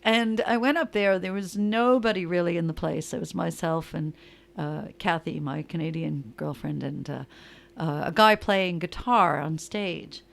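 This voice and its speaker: A middle-aged woman from New York with a New York accent, chatting casually as a guest and telling a story in an animated way, laughing and acting out what others said. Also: lowish voice, measured pace, gravelly. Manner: animated, laughing, acts out quotes in voices.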